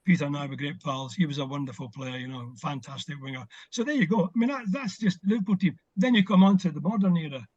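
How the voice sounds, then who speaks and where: A man's voice: a little high, quick pace, few pauses, dry recording. Older man reminiscing on a muffled call. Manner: reminiscing, warm storytelling with fillers. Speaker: interview guest, former footballer. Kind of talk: casual video call chat.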